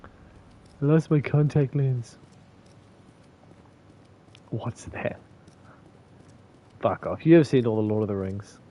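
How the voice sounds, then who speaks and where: A man's voice: medium pitch, expressive, slow, pauses often, mellow, muffled recording. A man from New with a slight lisp, mumbling and laughing through casual, profane commentary as he streams a game. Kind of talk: casual live gameplay commentary.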